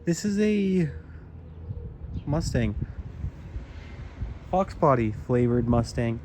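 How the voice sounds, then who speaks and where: A man's voice: medium pitch, animated, takes it slowly, pauses often, background noise. A man showing his car project in a garage, rambling and joking as he talks to viewers. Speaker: car builder vlogger. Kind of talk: casual garage walkthrough.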